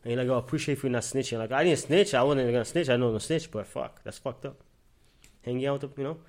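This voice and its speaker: A young Miami man talks fast at a medium pitch while hosting a casual podcast. He tells profane street stories and acts out the lines of the people in them.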